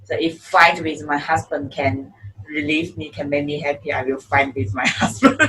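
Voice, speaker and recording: A woman who is a PhD student, speaking English as a with a first tongue in a casual podcast chat, halting and laughing often. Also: low voice, level tone, bright, forceful tone, slight background noise, low-quality recording.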